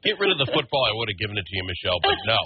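Animated man hosting political talk. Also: fairly low pitch, very fast, muffled recording, a little hiss or hum. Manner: animated, opinionated, restarts often. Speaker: political talk show host. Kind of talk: casual political chat.

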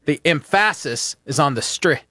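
A man's voice: on the high side, lively intonation, moderate pace, bright, forceful tone, no room sound, clean studio sound. Playful teasing male co-host. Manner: playful, teasing, jumps into mock voices. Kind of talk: casual sports chat.

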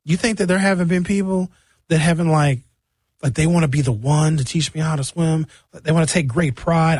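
A man in his fifties hosting and reading viewer comments in an exasperated, animated comic rant. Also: on the high side, fairly quick, husky, dry recording, studio quality. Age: 50s. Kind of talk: comedic rant.

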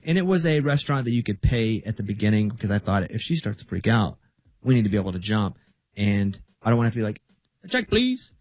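A man's voice: medium pitch, dry recording. Dry-sounding male radio host telling a story. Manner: relaxed storytelling, quoting his wife. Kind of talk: casual morning radio chat.

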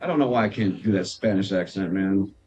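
A man's voice: low-pitched, a little fast, muffled recording, a crowd in the background. A man hosting a casual chat in a venue's green room, rambling and repeating himself as he talks. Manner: chatty, rambling, repeats words like "right, right". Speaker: podcast host.

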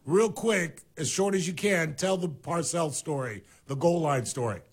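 Gravelly radio host hurrying to wrap up. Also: male voice, on the high side. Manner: hurried, wrapping up against the clock. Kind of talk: radio talk show.

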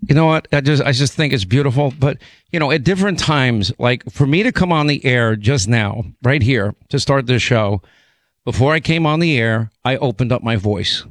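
A hoarse man hosting a talk radio show, his voice a little rough from a bout of laryngitis. He rambles, stumbles and repeats words, then rushes ahead in quick bursts. The sound is close and dry, with no room in it. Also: mid-range voice, dry recording. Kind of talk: casual on-air chat. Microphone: studio broadcast mic.

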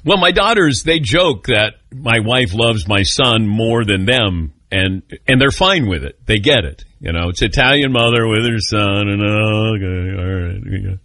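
A middle-aged man hosts a talk radio show, joking at his own expense and trading quick banter with callers and his crew. His voice is bright and animated, rising and falling freely. The studio sound is dry, with no room echo. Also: mid-range voice. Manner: joking, self-mocking, quick back-and-forth. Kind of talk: casual talk radio chat.

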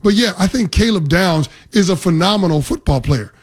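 A man analyses football on a talk radio show, confident and explanatory. His voice is high for a man. He mixes casual slang into the breakdown. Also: expressive, a little fast, husky. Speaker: sports analyst co-host.

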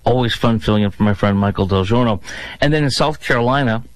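A male fill-in talk radio host with a middle-pitched voice, speaking in a dry, close studio sound. He mocks his targets with sarcasm, and his pitch leaps up whenever he repeats a phrase with scorn. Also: fast, no echo, poor audio. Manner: sarcastic, mocking, exaggerated pitch swings. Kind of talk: opinionated political talk radio.

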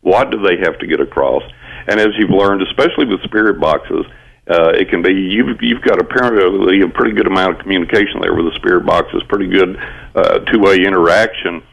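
A man's voice: sits low, brisk, gravelly, a bit bright. A man speaking as a guest on a talk radio show, earnest and reassuring as he explains. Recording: dull lo-fi radio recording.

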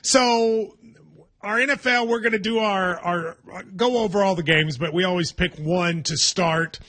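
A man's voice: high voice, a little slow, sharp tone. A man hosting a sports talk show, chatting casually and teasing his co-host wryly. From Kentucky. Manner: wry, teasing, hedging restarts. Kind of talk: casual sports radio chat.

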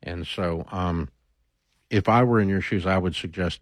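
This man has a very low voice and talks bluntly in a casual advice chat, often restarting as he thinks aloud. The sound is dry and close, with no room around it. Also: a little slow, dry recording.

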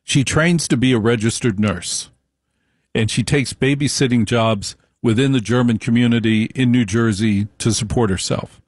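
A man speaks in an opinionated monologue at an ordinary pitch for a man. He tells stories emphatically and repeats lines for stress. The recording is dry and close. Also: normal speed, no echo.

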